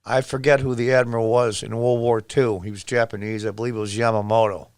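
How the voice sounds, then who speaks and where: A man in his sixties from upstate New York, talking in a forceful, repetitive commentary style and reacting loudly to what he shows. His voice sits in a middle pitch. The sound is dry and close, with no room around it. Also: flat delivery, fairly quick, smooth, no echo. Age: 60s. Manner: emphatic, repetitive, exclaims over footage. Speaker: political commentator. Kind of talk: casual political commentary.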